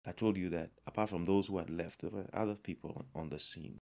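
A man preaching a sermon, emphatic and deliberate, with fervent raised passages. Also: low-pitched, fairly even intonation, creaky, mellow.

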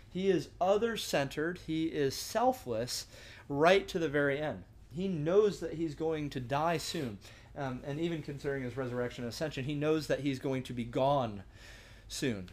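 Earnest young man teaching scripture. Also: a little high. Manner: earnest, conversational, many restarts and "right?" asides. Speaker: discussion leader. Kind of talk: sermon-style teaching.

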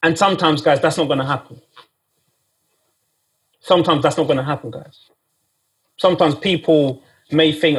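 A man's voice: on the high side, normal speed, long pauses, husky. A man preaching a sermon in a casual, conversational way, often repeating himself and speaking straight to "guys".

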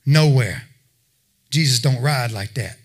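A man's voice: medium pitch, lively intonation, a little slow, breathy edge. A man preaching a sermon, talking plainly with his listeners and building to emphatic exhortation. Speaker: pastor.

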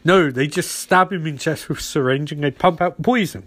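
A man's voice: fairly high pitch, brisk, fairly bright tone, no echo. A man giving a sarcastic comedic recap of a TV episode, slipping into silly voices.

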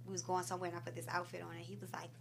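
A woman from Baltimore telling a story as a podcast guest, sassy and quick, laughing as she talks. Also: on the low side, completely flat delivery, creaky, a little hiss or hum. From Baltimore, USA. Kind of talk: casual storytelling chat.

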